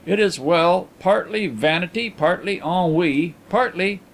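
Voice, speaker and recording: A man voicing a calm gentleman detective in an audiobook, measured and dryly ironic. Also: high-pitched, slight background noise.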